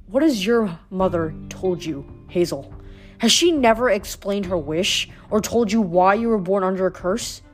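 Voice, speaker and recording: A woman reading aloud, voicing a weary, brooding male god of the dead who speaks slowly and sighs. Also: mid-range voice, expressive, soft background music, natural voice. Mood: melancholy. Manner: slow, sorrowful, sighing.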